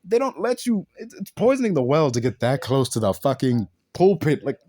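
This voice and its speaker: A man tears into a film in an exasperated, profane rant, piling up rhetorical questions. His voice sits at a middling pitch. The recording is dry and close, with no room sound. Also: sing-song, a little fast, dark tone, dry recording. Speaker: film reviewer. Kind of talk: profane ranting movie review.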